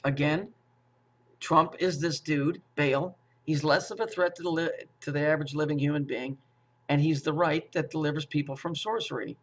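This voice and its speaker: Male commentator, fairly high-pitched, profane rambler who stammers and restarts, muffled lo-fi audio. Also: fairly even intonation, normal speed. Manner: profane, repetitive, with stammered restarts and rhetorical questions. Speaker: conspiracy commentator. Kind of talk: rambling monologue.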